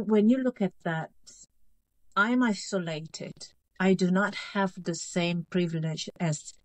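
Earnest low-voiced woman in her fifties. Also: no echo, low-quality recording. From North Korea. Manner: halting and earnest, repeats phrases, checks she is understood. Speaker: author guest. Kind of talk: interview conversation.

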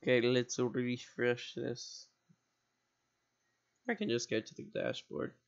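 A man's voice: medium pitch, lively intonation, takes it slowly, vocal fry, muffled recording. A man streaming games at home, rambling and repeating words as he thinks aloud over faint music. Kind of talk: casual gameplay commentary.

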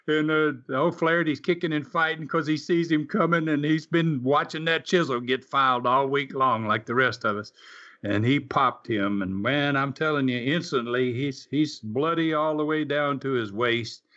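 A man's voice: mid-range voice, steady tone, moderate pace, bright, forceful tone. An older man, a former wrestler, telling folksy stories in a casual interview, full of fillers and restarts. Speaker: wrestling guest. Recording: slightly dull lo-fi audio.

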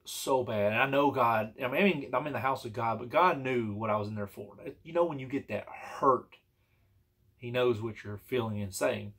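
Sharing a personal story as a vlogger, a man with a gravelly, slightly rough, mid-range voice that's a bit bright rambles earnestly and casually, restarting often and using lots of fillers.

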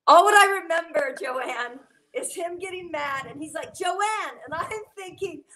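A woman and former cast member telling lively stories in a reunion video call. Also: high-pitched, moderate pace, rough recording. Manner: lively storytelling with acted quotes.

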